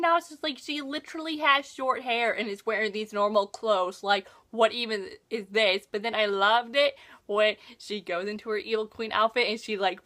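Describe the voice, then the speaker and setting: Bright, excitable young woman gushing. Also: a little high. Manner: gushing, excitable, heavy filler "like". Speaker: vlogger. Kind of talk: casual fan recap.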